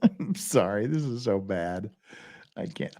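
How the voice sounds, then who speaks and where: A man's voice: lowish voice, animated, slow pace, mellow. A man hosting a livestream, reading a passage aloud in a mock-dramatic way, breaking into whispers and cracking up laughing. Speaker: legal commentary livestream host.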